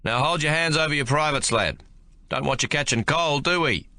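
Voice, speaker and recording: A man voicing an army sergeant who gives orders calmly and firmly. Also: medium pitch, moderate pace, dry recording, pitched above the performer's own voice. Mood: commanding. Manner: calm, firm, barks orders. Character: calm commanding male army sergeant.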